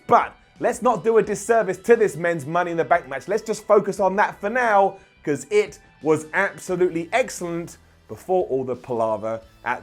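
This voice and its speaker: A young man recapping a wrestling show in an opinionated, sarcastic way, with jokey asides. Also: sits high. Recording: light background music.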